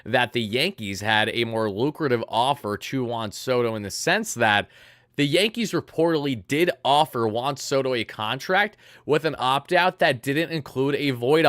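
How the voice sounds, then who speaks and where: A man in his twenties talking earnestly on a casual sports livestream. His voice is smooth and clear at a middle pitch. The sound is dry and close, with no room around it. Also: fairly bright tone, dry recording. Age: 20s. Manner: earnest and emotional, reading out viewer donations. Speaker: livestream host.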